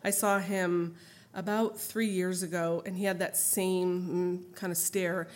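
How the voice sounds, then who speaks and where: A woman's voice: on the low side, flat delivery, unhurried. A middle-aged woman sharing her family's story as a mother, reading from her account and then telling an anecdote off-script in an earnest, emotional way.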